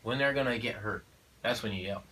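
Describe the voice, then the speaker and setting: A man's voice: lowish voice, fairly quick, pushed and bright, recorded from a distance, a little hiss or hum, rough recording. A man and father of four speaking in a casual conversation, in an emphatic, preachy way with frequent "you know" and "okay?". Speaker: father of four sharing parenting views.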